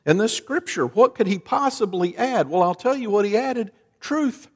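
Pastor, male, fairly high voice, animated delivery with dramatic rises and drops, long hall reverb. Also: moderate pace, breathy edge. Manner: dramatic preacher, lively rises and drops in pitch and volume. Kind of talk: sermon.

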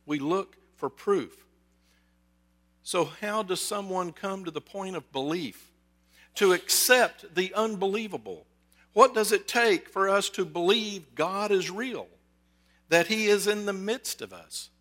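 A pastor preaching a sermon in a conversational, storytelling way, with jokes and asides. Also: male voice, sits high, slow pace, a bit bright. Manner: acts out quoted voices.

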